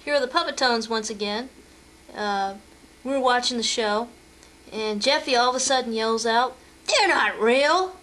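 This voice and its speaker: A woman's voice: a little high, moderate pace, fairly bright tone. A woman narrating family vacation photos in a chatty storytelling way, with fillers and restarts. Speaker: home video narrator.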